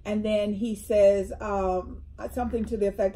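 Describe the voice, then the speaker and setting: In a medium-pitched voice at an ordinary pace, a middle-aged woman co-hosts an easygoing chat at an indoor tea table. Her storytelling is animated, and she acts out the quotes of the people she talks about.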